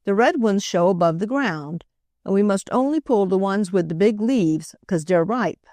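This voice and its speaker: A woman's voice: medium pitch, lively intonation, moderate pace, dark tone, no room sound, close to an everyday voice. A woman doing a folksy kindly maid. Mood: instructing. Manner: folksy, homely turns of speech. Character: kind-hearted folksy older housemaid.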